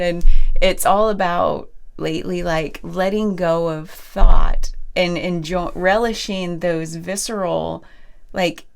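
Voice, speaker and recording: A woman's voice: on the low side, vocal fry. A young woman telling a meandering, chatty story in a casual monologue, laughing often as she talks. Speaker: energy reader and bodywork practitioner.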